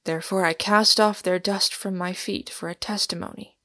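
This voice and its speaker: A woman voicing a solemn, weary male pilgrim in an audiobook reading, speaking gravely and often half-whispering. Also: mid-range voice, steady tone, moderate pace, fairly bright tone, no room sound, studio quality, lightly acted. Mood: sorrowful.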